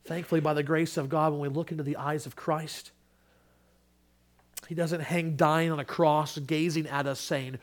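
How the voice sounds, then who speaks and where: A man delivers a sermon in a fairly high voice. He moves between quiet, drawn-out lines and loud, stressed declarations. He ends by praying aloud. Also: fairly even intonation. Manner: swings from hushed to loud preaching. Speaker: pastor. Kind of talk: sermon with closing prayer.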